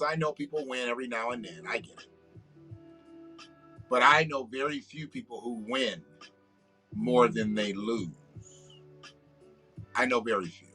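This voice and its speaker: A man's voice: mid-range voice, pushed and bright. Blunt, profane man ranting on a livestream. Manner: blunt, profane, preachy rants. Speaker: livestream host. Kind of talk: casual political commentary livestream.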